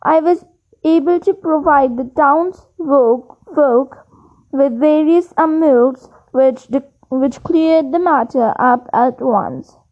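A woman's voice: high voice, takes it slowly, lo-fi sound. A woman doing a boastful vain show-off man.

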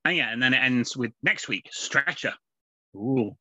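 A man's voice: medium pitch, lively intonation, normal speed, bright, forceful tone, no room sound. A man co-hosting a casual podcast, rambling along with plenty of fillers and restarts. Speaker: podcast co-host. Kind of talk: casual chat reviewing comics. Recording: dull lo-fi podcast audio.

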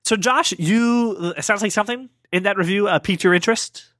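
A man's voice: sits high, a little fast, bright, forceful tone, no room sound, studio quality. A man hosting a podcast, chatting playfully and rambling, often restarting his sentences. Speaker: podcast host. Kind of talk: casual chat.

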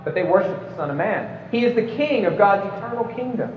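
High-voiced man lecturing in an echoey hall. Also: lively intonation, fast talker. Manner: emphatic, lecturing, with occasional stumbles and jokes. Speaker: debater. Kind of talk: prepared debate speech to a live audience. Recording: echoey hall, distant mic, slightly dull.

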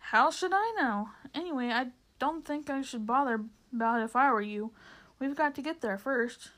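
A woman's voice: sits high, normal speed, a bit bright. A woman voicing a tired, curious young boy in a storybook reading, who asks plain, blunt questions.

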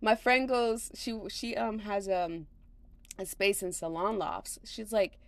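A woman's voice: medium pitch, steady tone, takes it slowly, no echo. A slightly tired woman hosting a podcast from home, rambling casually with lots of fillers and laughs. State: a little tired. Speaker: podcast host.

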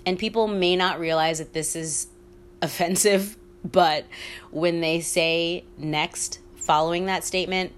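A woman talks through her solo podcast in a low, hushed half-whisper. She is candid and chatty, swears freely and laughs often as she rambles through her opinions. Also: fairly even intonation, a little slow, slight background noise. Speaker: podcast host. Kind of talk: casual solo podcast monologue.

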